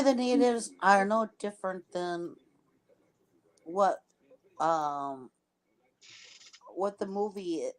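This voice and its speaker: A woman's voice: lowish voice, a little mellow, poor audio. A woman in a casual film discussion, thinking aloud and restarting her sentences as she goes.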